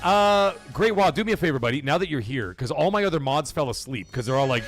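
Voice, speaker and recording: A man's voice: fairly high pitch, lively intonation, fast talker. Hyped man hosting a livestream. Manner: hyped, shouting, cursing, reading super chats aloud. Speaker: livestream host. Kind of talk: excited gaming livestream chat. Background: soundboard music and crowd cheers.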